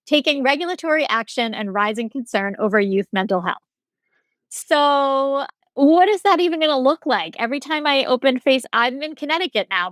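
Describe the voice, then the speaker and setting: A woman co-hosting a podcast in casual chat, explaining news in a relaxed way. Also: a little high, no room sound. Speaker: podcast co-host.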